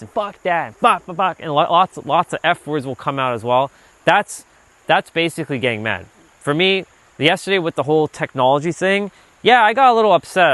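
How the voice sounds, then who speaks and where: A man hosting a livestream while out on a walk, talking loosely and casually, filling his talk with "like" and now and then letting a swear slip when he gets animated. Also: on the high side, no room sound. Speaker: livestream host, self-improvement speaker. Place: outdoors on a walk. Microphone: handheld gimbal rig.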